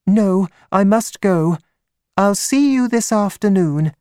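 A man reading an audiobook, voicing a polite young woman with a raised, softer voice. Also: sits high, expressive, slow, clear, resonant tone, dry recording, clean studio sound, voice pushed up.

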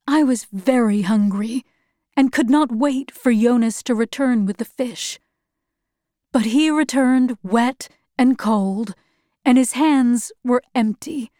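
Woman narrator, storybook reading, slightly high voice, very slow, measured. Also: warm tone, no room sound, clean studio sound.

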